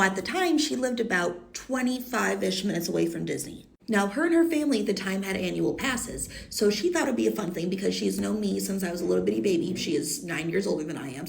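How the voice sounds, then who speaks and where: A woman's voice: medium pitch, gravelly. A woman in her thirties with a congested, stuffy nose, telling a story to her phone camera in a chatty, blunt way and swearing freely. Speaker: content creator. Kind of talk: casual storytime vlog. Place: indoors, green-screen setup.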